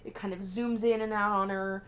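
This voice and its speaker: A young woman co-hosting a podcast, casually recapping a film in an animated way, acting out the characters' lines and swearing freely. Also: medium pitch, normal speed. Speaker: podcast co-host.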